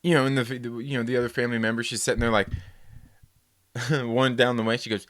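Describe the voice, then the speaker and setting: A man hosting a casual chat, rambling and animated as he tells a story, swearing freely and acting out the people in it. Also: mid-range voice, fast talker, dry recording, studio quality. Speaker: host.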